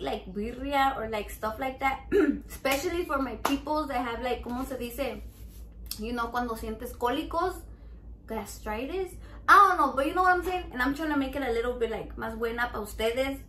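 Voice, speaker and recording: A woman's voice: high voice, fairly bright tone. Profane, rambling woman vlogger. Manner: profane, rambling, code-switching with Spanish. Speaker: cooking vlogger. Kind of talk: casual vlog chat. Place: home kitchen. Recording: echoey room, faint background noise.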